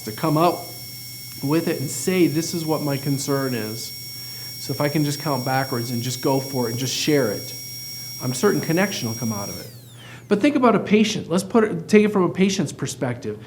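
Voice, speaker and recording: A man with a high, light voice gives a motivational talk as a practice coach. He speaks earnestly and with emphasis, and keeps putting rhetorical questions to his listeners. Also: moderate pace, a little hiss or hum. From United States.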